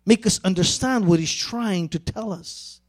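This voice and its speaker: A man preaching a sermon as pastor, earnest and emphatic, stretching out key phrases. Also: sits high. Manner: earnest, drawn-out emphatic phrases building to fervent pleading.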